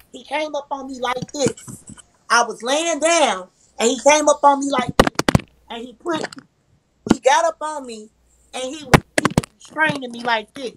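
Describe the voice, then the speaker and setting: Against a noisy background, a high-voiced woman guesting on a live stream recounts a heated personal story. She's emphatic, swears a lot, repeats herself, and acts out the arguments she's quoting.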